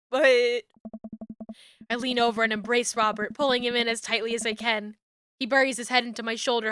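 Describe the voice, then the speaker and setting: A woman's voice: on the high side, fairly even intonation, moderate pace, pushed and bright, clear, resonant tone, no echo, studio quality. A woman streamer reading a story game aloud, swearing casually and laughing often. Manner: laughs a lot, swears, reads dialogue aloud.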